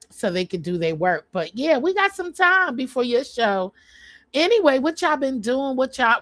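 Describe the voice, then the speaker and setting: Slow-talking chatty woman, dry sound. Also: medium pitch, no room sound. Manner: chatty, rambling, lots of fillers. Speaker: vlogger. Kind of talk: casual live stream chat. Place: home.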